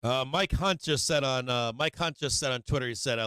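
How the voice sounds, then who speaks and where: A man hosting a live trading stream, excitable and swearing freely, laughing often as he comments on the market. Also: medium pitch, a little fast, hardly any pauses, smooth, no echo.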